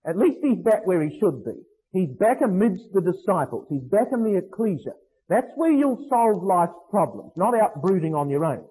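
High-voiced emphatic male preacher. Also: sing-song, warm tone, slightly rough, poor audio. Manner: emphatic, with stressed slowed phrases and rhetorical questions. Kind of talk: sermon.

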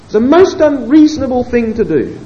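A man preaching a sermon, moving between quiet asides and emphatic, drawn-out scripture quotations. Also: very high-pitched, muffled recording, a little hiss or hum. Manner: expressive, swings between hushed asides and emphatic quoting.

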